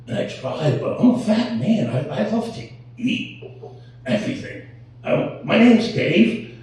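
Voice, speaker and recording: A middle-aged man doing a crude stand-up set, telling stories with animated delivery. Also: high voice, a little slow, distant mic. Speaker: stand-up comedian. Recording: echoey room, heard from off-mic.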